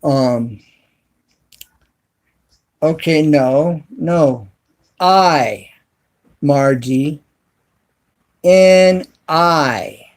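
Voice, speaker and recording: A man hosting a casual live stream from his cell phone, talking to viewers in the chat and spelling words out slowly and deliberately. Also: a little high, expressive. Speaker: YouTube channel host live streaming.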